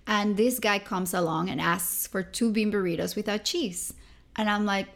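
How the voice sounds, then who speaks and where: A young woman from Venezuela tells a personal story as an interview guest. Her voice has a gravelly fry, and she talks in a lively way, popping into little voices for the people she quotes. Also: mid-range voice, normal speed. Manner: animated, acts out quoted people.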